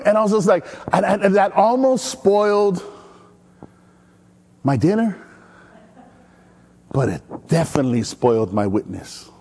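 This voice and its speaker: Male pastor, high voice with big swings, chatty storytelling sermon. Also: unhurried, pauses often, breathy edge. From Maui, Hawaii. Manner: energetic, chatty, storytelling with call-and-response. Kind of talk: animated sermon.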